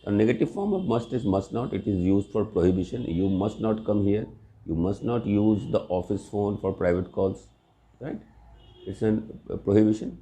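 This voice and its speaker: A man's voice: lowish voice, moderate pace, warm tone. A man teaching English grammar in a recorded lesson, explaining patiently with examples and often checking with "right?".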